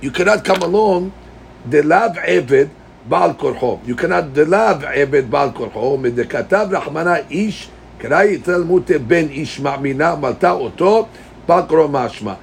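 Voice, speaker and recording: Male Talmud teacher with a gravelly, slightly high voice. He chants the text, then explains it to the class and quizzes them. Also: expressive, unhurried, a little hiss or hum. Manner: addresses students directly with questions.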